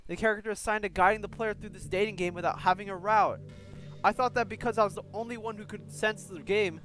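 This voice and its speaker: A man's voice: high voice, fairly bright tone, pitched above the performer's own voice, low-quality recording. A man reading the lines of a teenage girl club president in his own plain voice, in a game playthrough.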